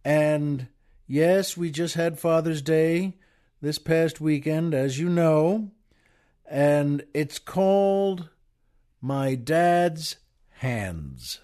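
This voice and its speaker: Male talk-show host, slightly higher voice, casual storyteller who stumbles and repeats words. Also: lively intonation, drawn-out words, dark tone. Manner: rambling delivery with frequent restarts and repeated words.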